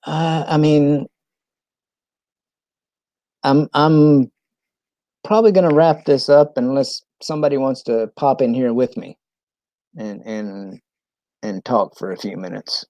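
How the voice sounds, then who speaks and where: A man from New England chatting casually on a live stream, halting and full of ums and restarts. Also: medium pitch, dark tone, dry recording.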